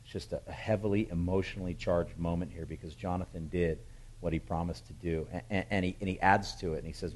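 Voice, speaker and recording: A man preaching a sermon, retelling a Bible story with animated, emphatic storytelling. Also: deep voice, fast talker, rough recording. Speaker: pastor.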